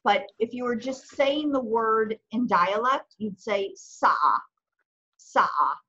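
A woman leads a language class over a video call, walking students through each step with patience. Her voice is soft and airy. The sound is a little muffled. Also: a little high, a little slow. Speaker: Arabic teacher. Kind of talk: online language lesson.

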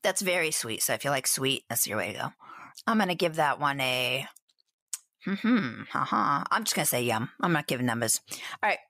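Chatty low-voiced woman. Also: normal speed, dry recording, studio quality. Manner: chatty, playful, animated food descriptions. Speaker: podcast co-host. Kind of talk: casual chat, live taste test.

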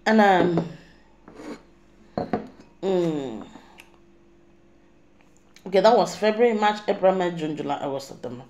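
A woman's voice: lowish voice, expressive, unhurried, long pauses, a little mellow, a little hiss or hum. A middle-aged woman with a Nigerian accent, giving an emphatic, rambling spiritual monologue to camera as a vlogger. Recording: echoey room.

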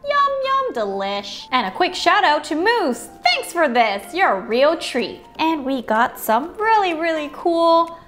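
A woman's voice: high voice, big pitch swings, unhurried, hardly any pauses, fairly bright tone, soft background music. A woman hosting a toy unboxing video, bubbly and playful, chatting as she opens each item and sometimes slipping into silly voices for the toys.

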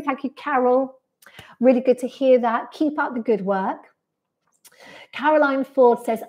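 Speaking from a bright, sunny room, this woman is a pilates instructor on a live stream who warmly reads out viewer comments and responds to them one at a time. Her voice sits high and darkish, moving at a measured pace with long pauses.

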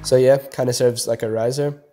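A laid-back young producer talks through building a beat in a casual voice-over, leaning on "kinda" and "like." He speaks at medium pitch with fairly even intonation and normal speed, over a beat playing faintly.

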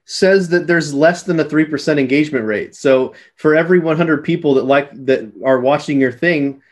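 A man's voice: a little high, normal speed. A man hosting a casual podcast conversation, a chatty storyteller who laughs easily. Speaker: podcast host.

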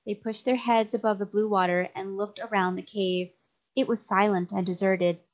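A woman narrating a children's novel aloud in a steady, even way. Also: medium pitch, normal speed. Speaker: storybook reader.

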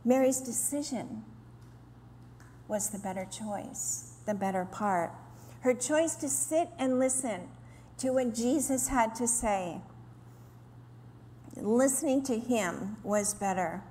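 In a roomy hall with faint ambience and slight background noise, a woman addresses a women's gathering with an earnest sermon, slow and with long pauses. Her voice is a little high, and she sometimes acts out complaining voices in a lively way.

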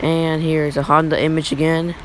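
A young male YouTuber in his teens giving rambling, excitable reaction commentary over old photos. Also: fairly high pitch, normal speed, a little hiss or hum, low-quality recording. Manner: rambling, excitable, repeats "look".

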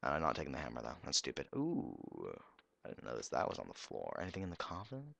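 A young man giving goofy, excitable commentary while streaming a game live. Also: rumbling low, fast talker, creaky, no room sound.

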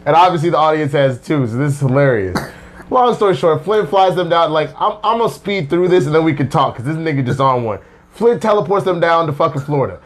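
A man's voice: on the high side, lively intonation, fast talker. A man co-hosting a casual TV episode review, racing through plot recaps and laughing often. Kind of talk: casual profane chat.

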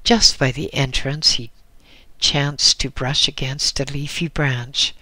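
A man narrating a book in a slow, measured reading. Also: medium pitch, steady tone, bright, forceful tone, no echo. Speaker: audiobook narrator. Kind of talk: scripted narration.

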